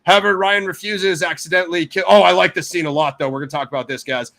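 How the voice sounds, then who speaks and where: Male host, casual review chat, bright and slightly high, animated, laughs a lot. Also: quick pace, vocal fry. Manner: animated, laughs often, many fillers. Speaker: show host reviewing a TV series.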